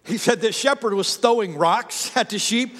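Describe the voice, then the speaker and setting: A man's voice: high voice, normal speed, fairly bright tone, in a large hall. A man preaching a sermon in a conversational, storytelling way, often restarting his sentences. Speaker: pastor.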